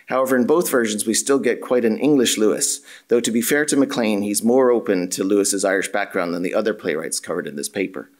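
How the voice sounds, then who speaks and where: A male academic reading a prepared conference paper in a measured, formal way, with the odd "uh" and self-correction. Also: lowish voice. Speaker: academic lecturer. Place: university symposium room.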